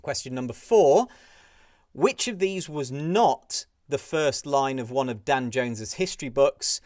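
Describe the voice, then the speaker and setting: A man's voice: medium pitch, a little slow, darkish tone, dry recording, clean studio sound. Chatty man hosting a quiz. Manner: chatty, giggles at pictures, frequent fillers. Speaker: pub quiz host. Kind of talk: casual live-stream quiz answer run-through.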